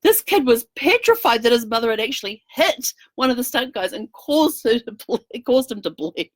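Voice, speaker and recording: A woman's voice: fairly high pitch, expressive, moderate pace, no echo. A middle-aged woman vlogging in casual chat, telling a rambling story full of fillers. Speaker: travel vlogger.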